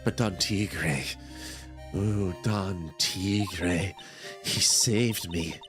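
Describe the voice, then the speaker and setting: Brief: a man playing an eerie frail girl, low and slow, every word drawn out. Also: music in the background. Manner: slow, drawn-out, ominous delivery. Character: creepy young woman, frail, flat and menacing. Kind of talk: reading a visual novel aloud with voices.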